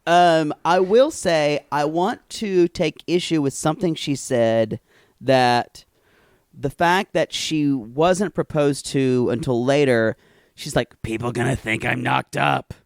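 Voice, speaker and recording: A man's voice: on the high side, slow, darkish tone, no room sound, clean studio sound. A man co-hosting a podcast in a campy, playful casual chat, often breaking off with apologetic asides. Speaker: podcast co-host.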